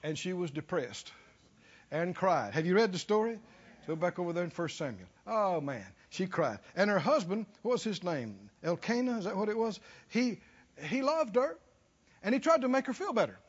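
High, lively preacher man. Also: normal speed, husky, long reverb tail. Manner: folksy, call-and-response, chuckling. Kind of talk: sermon. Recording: dull lo-fi recording.

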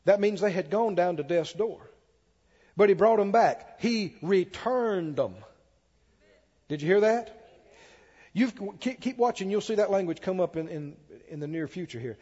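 Man preaching, high voice, booming scripture readings, questions to the crowd, long church echo, dull lo-fi sound. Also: lively intonation, normal speed, mellow, slightly rough. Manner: reads scripture aloud with rising emphasis, questions the congregation. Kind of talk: sermon. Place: church before a congregation.

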